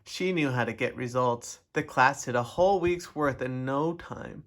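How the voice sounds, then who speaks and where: A man reading a children's storybook aloud in an expressive, animated way. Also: medium pitch, moderate pace. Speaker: storybook reader.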